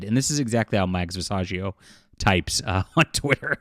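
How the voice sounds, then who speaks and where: Man, commentary vlog, low voice, halting with many fillers, derisive chuckles, dry close sound. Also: dry recording. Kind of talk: casual opinion commentary.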